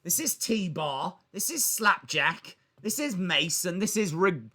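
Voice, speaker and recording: Young guy on a wrestling watch-along stream, highish bright voice, jokey, does bits and yells now and then. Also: slow pace. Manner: animated, jokey, acts out little scenes with shouted bits. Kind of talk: live watch-along commentary.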